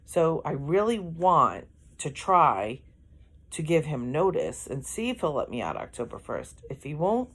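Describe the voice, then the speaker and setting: A woman's voice: sits low, big pitch swings, measured pace, husky. A middle-aged woman, chatting casually in a vlog, rambling and correcting herself as she goes, yawning often. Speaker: vlogger.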